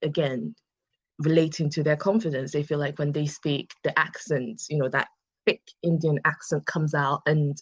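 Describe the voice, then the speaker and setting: A woman's voice: deep voice, steady tone, normal speed, no room sound, lo-fi sound. A woman from England with a Southern English accent, chatting casually and reassuringly as an English tutor on a video call. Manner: chatty, reassuring, puts on playful mock voices. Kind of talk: casual online tutoring chat.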